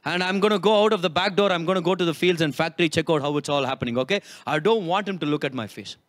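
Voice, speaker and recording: Fatherly older man as a preacher puts him on, low and emphatic. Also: fast, fairly bright tone, no echo, clean studio sound, lightly acted. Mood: stern. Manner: emphatic, repeating phrases. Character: father in a parable, older man, loving then stern.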